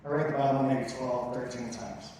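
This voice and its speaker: A man's voice: mid-range voice, fairly even intonation, crowd noise. Earnest man testifying in echoey hall. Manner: earnest, emotional, halting delivery. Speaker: recovery testimony speaker. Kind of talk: personal church testimony. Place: large church hall. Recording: echoey church hall from far off.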